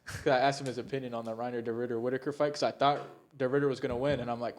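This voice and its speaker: A man's voice: medium pitch, flat delivery, rapid-fire, hardly any pauses. A young man co-hosting a casual podcast chat, rambling and swearing often, with laughs slipping into his sentences. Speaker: podcast co-host.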